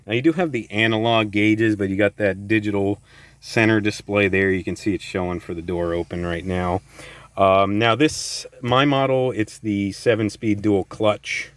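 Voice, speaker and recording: A man giving a casual walkaround review of his own car, relaxed and enthusiastic, often doubling words. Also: on the low side, normal speed, no room sound, low-quality recording. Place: outdoors beside a parked car.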